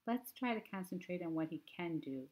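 A woman doing a weary, soft-spoken mother. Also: fairly low pitch, animated, normal speed. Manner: tired, dragging words. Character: weary middle-aged mother.

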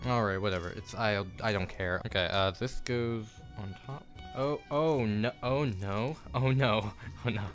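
A man's voice: lowish voice, moderate pace, few pauses, a bit bright, soft background music. A young man filming a casual vlog in his home kitchen on a phone, flustered and self-mocking as he swears through a build. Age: young adult. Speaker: YouTuber. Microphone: phone camera.

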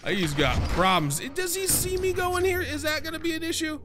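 A young man doing let's-play commentary for a horror game, joking and cursing and yelping when startled. His voice is high and bright with big swings in pitch. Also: fairly quick, soft background music. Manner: jokey, profane, prone to excited yelps. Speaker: gaming streamer.

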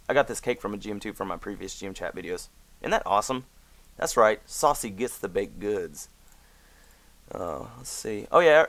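A man's voice: on the low side, fairly bright tone, no echo. A man hosting a casual gaming video, reading his chat aloud with mock indignation and trailing into mumbles at a desk mic.

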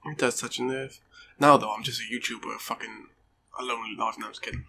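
Speaking quickly in a mid-range voice with fairly even intonation, a man provides let's play commentary as a gaming YouTuber. His tone is pushed and bright, his humor sweary and self-mocking, and a little hiss or hum sits under the recording.

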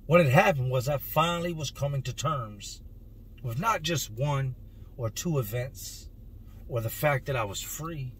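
Man in his 30s, vlogger, earnest emotional storytelling, mid-pitched voice, faint background noise. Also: measured pace, a bit bright. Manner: earnest, emotional, stretches words for emphasis. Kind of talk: personal storytelling to camera.

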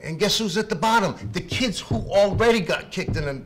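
A middle-aged man, speaking up as a parent at a public meeting, halting and repeating himself, then rising to shouting. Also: high voice, lively intonation. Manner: impassioned, halting, repeats words, swings from quiet to shouting. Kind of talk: emotional unscripted public comment.

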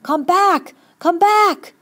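A woman's voice: very high voice, drawn-out words, voice pushed up, exaggerated voice. A woman voicing a desperate young boy who leads the group, calling out urgently. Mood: frantic. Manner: shouting urgently.

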